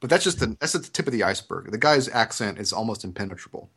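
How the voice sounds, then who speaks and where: A young podcast host from Georgia with a Southern accent tells a story in a casual chat, animated and acting out the quotes. He talks fast in a fairly low voice with a breathy edge.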